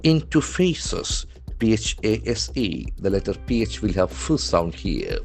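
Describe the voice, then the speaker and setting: Deliberate low-voiced teacher. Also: male voice, wildly swooping pitch, vocal fry, faint music behind. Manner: slow, deliberate, spells words letter by letter. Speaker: English language trainer. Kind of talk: newspaper vocabulary lesson.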